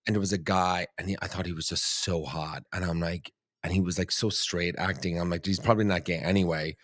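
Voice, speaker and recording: A man's voice: low voice, brisk, no echo, clean studio sound. Irish-born man telling dating stories. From Ireland. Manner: animated storytelling, swearing, frequent "like". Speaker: podcast host. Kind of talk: casual chat.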